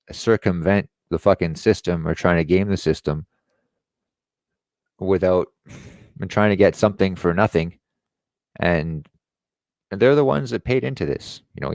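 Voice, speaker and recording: A man's voice: sits low, a little mellow, no echo, studio quality. A man hosting an online show, ranting in a sarcastic, profane way. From Quebec. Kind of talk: ranting commentary.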